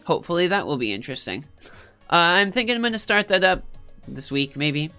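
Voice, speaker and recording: A woman's voice: on the low side, sing-song, brisk, sharp tone, smooth, soft background music. A woman streamer with a stuffed-up nose, chatting casually and rambling with her live viewers, often cutting herself off and joking. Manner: rambling, self-interrupting, joking.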